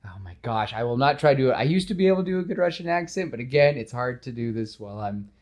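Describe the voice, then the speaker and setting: A man hosting a podcast in casual chat, telling a story with lively acted-out scenes. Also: mid-range voice, quick pace. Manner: animated storytelling, acts out scenes. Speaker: podcast host.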